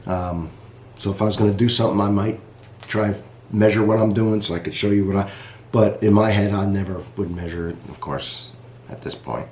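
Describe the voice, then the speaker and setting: A man's voice: lowish voice, steady tone, a little fast, a little mellow, echoey room, slight background noise. A man reviewing coffee in a casual vlog, chatty and rambling, talking straight to his viewers.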